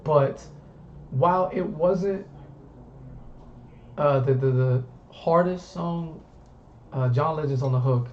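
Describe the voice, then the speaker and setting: Guy from down south rambling on a chill stream, voice a bit high, muffled audio with some hiss. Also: slow pace, pauses often. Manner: rambling, repeats words, loose and easygoing. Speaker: host. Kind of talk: casual chat.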